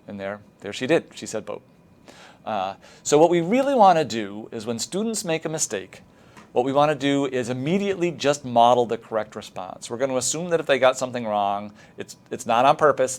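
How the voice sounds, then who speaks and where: Middle-aged male lecturer, mid-pitched voice, relaxed and explanatory, filler-heavy teacher-training talk.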